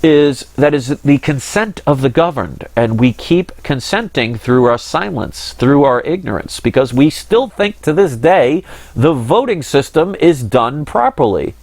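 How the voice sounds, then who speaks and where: A man's voice: fairly high pitch, no room sound. A man hosting his own channel, talking in a casual monologue that is earnest, rambling and frustrated. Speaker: channel host.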